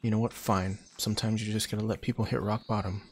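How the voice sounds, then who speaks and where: A man's voice: lowish voice, little pitch movement, quick pace, a little hiss or hum. A man hosting a gaming channel, giving joking, sarcastic commentary while he plays. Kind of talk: let's-play commentary.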